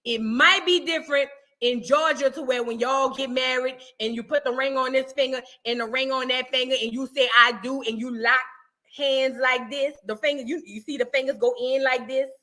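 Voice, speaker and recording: A woman's voice: sits high, steady tone, moderate pace, pushed and bright. A woman hosting a casual live stream, chatting animatedly and reading out viewer comments. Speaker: livestream gossip host.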